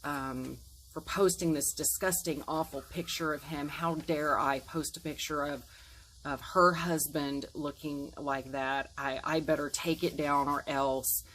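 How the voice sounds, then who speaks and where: A woman's voice: low voice, steady tone, measured pace, fairly bright tone, a little hiss or hum, rough recording. A woman in her forties telling a painful personal story to camera, earnest and emotional, acting out the things people said. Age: 40s. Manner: earnest, emotional retelling with quoted dialogue.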